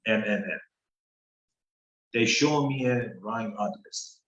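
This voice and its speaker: A man, a guest telling a story in halting English full of fillers over a video call. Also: lowish voice, fairly bright tone, roomy sound, lo-fi sound. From Iran. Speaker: guest author. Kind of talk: interview storytelling.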